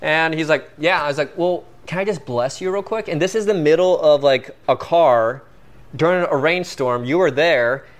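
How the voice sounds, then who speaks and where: A man as a guest, telling a story in a casual, animated way full of "like" and fillers. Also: fairly high pitch, moderate pace. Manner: animated, filler-heavy, peppered with "like".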